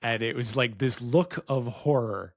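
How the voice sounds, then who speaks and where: A man's voice: mid-range voice, unhurried, no echo, clean studio sound. A middle-aged man co-hosting a podcast, telling a rambling, self-deprecating story and acting out the dialogue. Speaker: podcast co-host. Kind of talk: candid storytelling.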